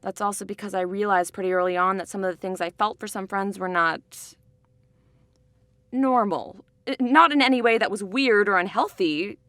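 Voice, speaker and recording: A young woman playing a sarcastic, angry high school girl, narrating and acting in a student film. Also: moderate pace, a bit bright, lightly acted. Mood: reflective. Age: young adult. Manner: sardonic, bitter.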